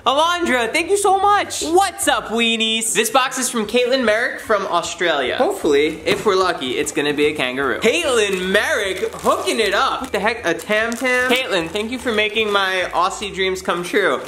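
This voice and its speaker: A man hosting a casual vlog, teasing his friends and excitedly opening fan mail. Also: high voice, normal speed, hardly any pauses, slight background noise. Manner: playful, teasing, excitable while unboxing. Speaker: vlogger host. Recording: echoey room.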